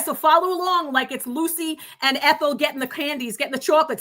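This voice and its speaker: A guest on a video-call livestream, this New York woman in her fifties speaks fast and high with few pauses, her tone bright and forceful. She's animated and jokey, full of exuberance and rhyming asides.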